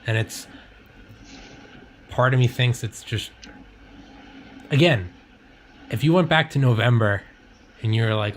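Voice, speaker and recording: A man's voice: medium pitch, a little slow, long pauses, slight background noise. Rambling, foul-mouthed man in casual chat. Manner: rambling, profane, heavy on "like" and "you know".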